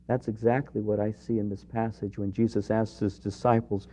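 A pastor with a fairly low, level-toned voice delivers an earnest, personal sermon at a brisk pace with few pauses. He climbs to emphatic questions before dropping into quiet, intimate remarks. The audio sounds dull and lo-fi.

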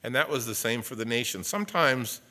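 A man preaching a sermon in church, animated, with conversational asides and acted-out quotes. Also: medium pitch, brisk. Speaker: pastor.

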